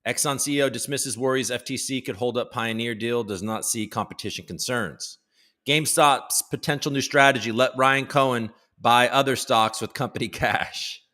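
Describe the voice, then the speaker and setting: Bright-voiced man hosting a livestream. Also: medium pitch, moderate pace. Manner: loose, joking, greets chat viewers by name. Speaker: livestream host. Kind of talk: casual live-stream market chat. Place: home.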